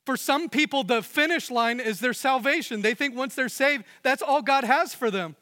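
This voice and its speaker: Young male pastor, high bright voice, earnest sermon delivery, reverberant sanctuary. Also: moderate pace, hardly any pauses. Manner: earnest preaching, rising and dropping to hushed emphasis. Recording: long hall reverb.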